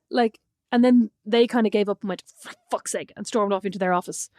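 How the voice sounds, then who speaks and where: A woman's voice: medium pitch, fairly quick, a little mellow, no room sound, clean studio sound. A woman co-hosting a podcast, telling stories in casual chat, laughing often and swearing casually. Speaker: podcast co-host.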